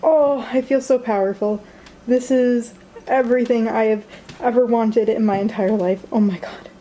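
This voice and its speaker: A woman's voice: on the high side, fairly even intonation, normal speed, background noise. Giddy young woman gushing over a purchase. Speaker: vlogger. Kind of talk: casual unboxing vlog. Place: her bedroom.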